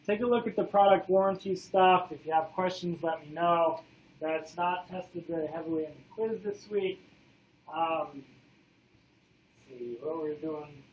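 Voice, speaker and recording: A man lecturing a college class in a casual manner, filling pauses with "uh" and checking in with the students, his voice going hoarse. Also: a little high, a little hiss or hum, low-quality recording. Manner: casual, many "uh" fillers, checks in with "okay?". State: losing his voice.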